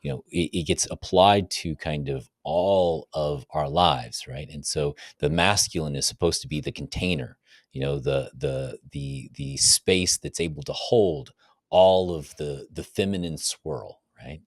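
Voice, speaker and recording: A man with a very deep voice talks as a guest on a podcast, laying out ideas in a reflective, explanatory way. He often checks in with his listener as he speaks. The recording is dry and close-miked. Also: unhurried, no echo. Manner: reflective, explaining ideas with frequent "you know" and "right?". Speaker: men's coach, podcast guest. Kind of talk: casual podcast conversation.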